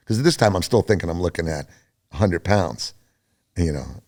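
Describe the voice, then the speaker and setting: A man's voice: low voice, moderate pace. An older man telling his story as a podcast guest, loose and chatty, with lots of fillers, restarts and acted-out voices of other people. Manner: animated, acts out other people's lines in a raised voice. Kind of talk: rambling storytelling in an interview.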